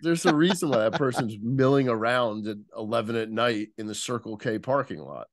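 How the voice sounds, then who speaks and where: A man's voice: mid-range voice, lively intonation, a little fast, dry recording, clean studio sound. A man as a podcast guest, explaining like an instructor and stopping to search for the right word. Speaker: interview guest, nonverbal communication instructor. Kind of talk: casual podcast interview.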